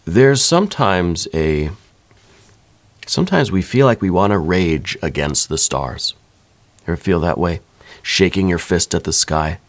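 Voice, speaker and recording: A man with a very low voice reads tarot cards in a soft, close ASMR style, speaking straight to the listener. his talk is gentle and searching, as if he feels his way toward each thought. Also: animated, measured pace. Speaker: tarot reader.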